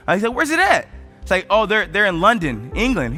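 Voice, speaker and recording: A man from the United States delivers a motivational talk with a high, bright, forceful voice. He tells stories with energy that swells as he goes. Soft music runs faintly underneath. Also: normal speed. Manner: energetic storytelling, voice rising with emotion. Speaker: motivational speaker. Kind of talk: motivational speech.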